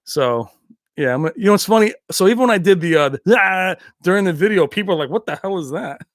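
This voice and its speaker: A man hosting a late-night tech livestream from his house, loose and rambling after a few drinks. He laughs often and drifts off-topic while reading the chat. His voice sits slightly high and sounds close and dry. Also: animated, fast talker, dry recording. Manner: laughs often, slips into movie impressions. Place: his own home.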